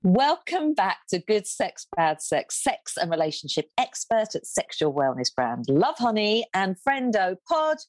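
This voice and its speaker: A woman hosting a podcast, welcoming a guest and making brisk, wry remarks in casual chat. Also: mid-range voice, sing-song, no echo. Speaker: podcast host.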